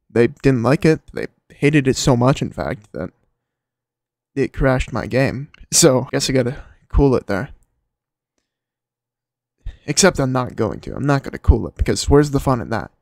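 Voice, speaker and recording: A man's voice: mid-range voice, gravelly, darkish tone, dry recording, studio quality. A young man casually commenting while playing a game, laughing a lot and making crude, mocking asides. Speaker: gamer. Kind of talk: casual let's-play commentary.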